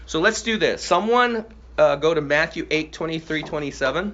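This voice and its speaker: Bible study leader, man, slightly high voice, prompting and affirming, muffled recording. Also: expressive, moderate pace, fairly bright tone. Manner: prompting, asks questions and affirms answers. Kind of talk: leading a group Bible study. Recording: slightly muffled with faint hiss.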